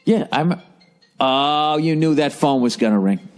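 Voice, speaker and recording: A man's voice: a little high, lively intonation, a little slow, music in the background. Sarcastic, profane middle-aged man with Boston accent. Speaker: podcast host. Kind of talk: solo comedic podcast rant.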